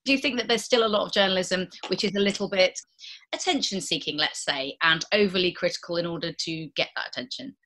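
A woman hosting a podcast and asking measured interview questions. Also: lowish voice, a bit bright, a little hiss or hum.

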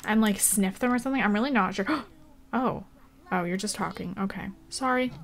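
A woman's voice: medium pitch, brisk, slight background noise. A young woman hosting a gaming channel, giving casual, chatty gameplay commentary with gasps, giggles and lots of filler words.

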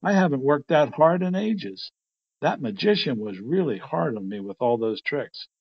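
A man's voice: medium pitch, lively intonation, normal speed, husky, dull audio. A man voicing a wisecracking male cartoon rabbit with cheeky, whining complaints, reading a storybook aloud. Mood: weary.

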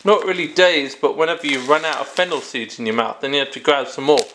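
A man hosting a comic product-review vlog, rambling with jokey asides and quick self-corrections. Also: on the high side, fairly bright tone, a little hiss or hum.

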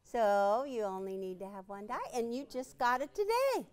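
A woman's voice: a little high, sing-song, normal speed. A woman hosting a live quilting demonstration, chatting playfully and quizzing a small studio audience. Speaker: quilting instructor and show host.

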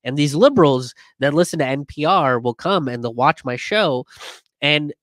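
A comedian hosting a casual commentary stream, reading viewer comments and talking it through with lots of fillers and restarts. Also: male voice, a little high, moderate pace, no echo, studio quality. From immigrant. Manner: conversational, many fillers and restarts, animated when quoting others.

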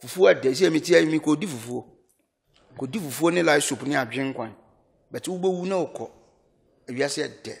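A man with a Ghanaian accent being interviewed, talking in an animated way and often laughing. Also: on the high side, a little fast, gravelly, long pauses. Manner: animated, switches between Twi and English, laughs often. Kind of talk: casual interview.

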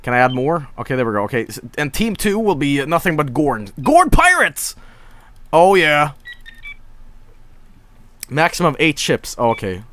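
Excitable swearing man streaming a game. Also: fairly high pitch, moderate pace, pauses often. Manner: excitable, swearing, jumps to shouting in combat. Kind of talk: casual gameplay commentary.

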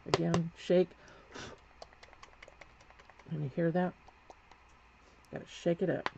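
A woman's voice: lowish voice, level tone, slow pace, creaky, mellow. A woman giving a live painting demonstration, chatting as she works and correcting herself as she goes. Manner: chatty, talks while working, self-correcting. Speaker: painting instructor. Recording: dull lo-fi sound with faint background noise.

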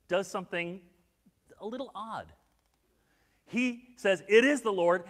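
A male pastor delivering a sermon with a fairly high voice. He moves from ringing emphasis to soft, confiding asides. The sound trails off into a long reverb, as in a church sanctuary. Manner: expressive, swings from loud emphasis to hushed, intimate asides.

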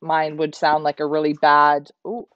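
A woman's voice: deep voice, completely flat delivery, moderate pace, no room sound, dull audio. A woman from Canada hosting a livestream, chatting and reading out viewer comments. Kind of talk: casual livestream chat.

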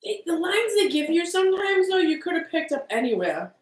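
A woman's voice: very high voice, sing-song, fairly quick, echoey room, poor audio. A woman co-hosting a live stream, chatting casually and reading out movie lines, laughing at herself. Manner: chatty, self-deprecating, laughs often.

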